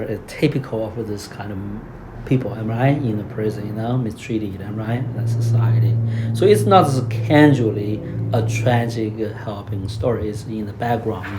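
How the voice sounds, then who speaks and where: A man's voice: lowish voice, background noise. A man leading a home history lesson, chatting loosely and explaining in broken grammar. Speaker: teacher leading a history reading. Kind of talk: casual classroom discussion.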